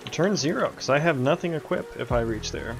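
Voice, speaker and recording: This young game developer chats loosely while he codes on stream, swearing and laughing often in a laid-back ramble. His voice is on the high side and gravelly, with lively intonation and a slightly fast pace, over background music.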